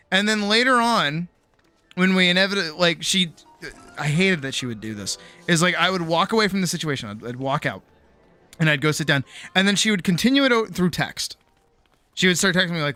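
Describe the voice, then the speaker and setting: A man's voice: on the high side, expressive, brisk, sharp tone, smooth, dry recording, soft background music. A young adult man streamer telling a personal story in casual chat, acting out both sides of the conversation and often restarting his words. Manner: frequent restarts and repeated words.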